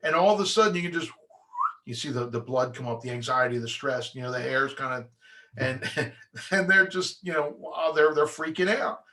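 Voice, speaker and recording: A man's voice: mid-range voice, moderate pace, sharp tone. A middle-aged home inspector giving a conversational training talk to real estate agents, often restarting his sentences. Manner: conversational, restarts often, acts out clients' voices.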